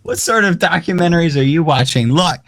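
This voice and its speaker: A young man argues his side of a playful mock debate. He sounds incredulous and animated and laughs often, and his voice sits a little high for a man. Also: fairly quick, crowd noise. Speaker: debater on a comedy talk show.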